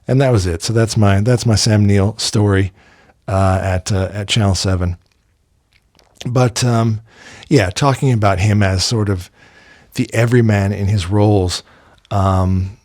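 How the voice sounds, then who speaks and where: Rambling, lower-voiced American man. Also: a little mellow, no echo, studio quality. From United States. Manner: meandering, with frequent ums and uhs and restarts; chatty, enthusiastic about films. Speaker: host. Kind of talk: casual spoken tribute and film reminiscence.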